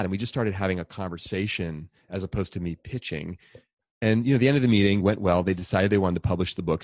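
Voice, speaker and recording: Middle-aged male author, fast and animated storyteller, lowish voice, dry close sound. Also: dry recording. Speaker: author and speaker. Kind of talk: conversational storytelling.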